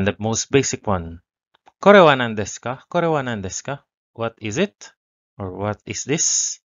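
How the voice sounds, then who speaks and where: A man's voice: on the low side, a bit bright, muffled recording. A man in his thirties teaching a language lesson, saying each phrase twice before explaining it. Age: 30s. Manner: repeats each phrase slowly, then translates.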